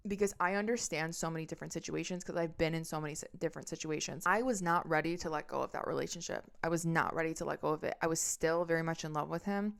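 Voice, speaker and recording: A woman's voice: low voice, quick pace, vocal fry, few pauses, fairly bright tone, clean tone. Swearing, emphatic young woman telling a story. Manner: acts out quotes and horn sounds. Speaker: podcast host. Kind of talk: storytime monologue.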